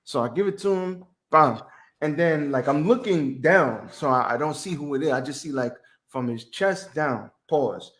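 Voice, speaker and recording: A man's voice: a little high, lively intonation, moderate pace, a bit bright. A man co-hosting a podcast, telling stories in a laid-back, slangy way. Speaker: podcast co-host. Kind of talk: casual chat, storytelling. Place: home studio on camera.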